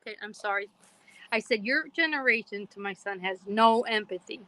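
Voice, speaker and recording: A middle-aged woman from Pennsylvania, hosting a podcast and telling a story in a casual, animated way, quoting herself and others and laughing often. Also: mid-range voice, normal speed, rough recording. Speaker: podcast host.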